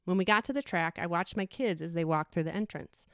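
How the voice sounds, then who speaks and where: Low-pitched woman in her forties, measured reflective storytelling, clear and dry. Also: dry recording. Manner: reflective, measured reading with brief acted quotes. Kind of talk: personal essay read aloud.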